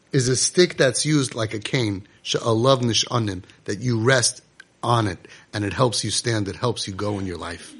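A man's voice: mid-range voice, a bit bright, slightly rough. A man giving an impassioned Torah sermon to parents, emphatic and repetitive as a speaker and guide.

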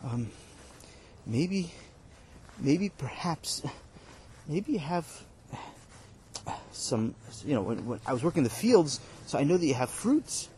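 A man's voice: a little high, very animated, slow pace, pauses often, a little mellow, a little hiss or hum. A man voicing a poor, timid farmhand who hesitantly pleads for his wages. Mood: timid pleading. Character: poor timid male farmhand asking for pay.

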